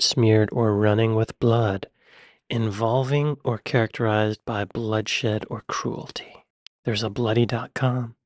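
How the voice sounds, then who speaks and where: A man's voice: mid-range voice, no echo, studio quality. An American man hosting a reaction video, thinking aloud in a curious, amused way. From United States. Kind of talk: casual reaction commentary.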